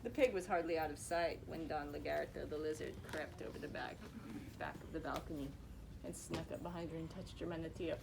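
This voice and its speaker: A woman reading a picture book aloud to children, expressive and asking them questions. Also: sits low, a little fast, gravelly, background noise.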